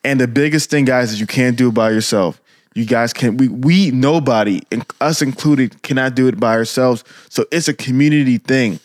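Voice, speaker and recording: A man's voice: mid-range voice, moderate pace, no room sound. Earnest man co-hosting a faith podcast. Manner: earnest, preachy encouragement. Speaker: podcast co-host. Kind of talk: casual podcast talk.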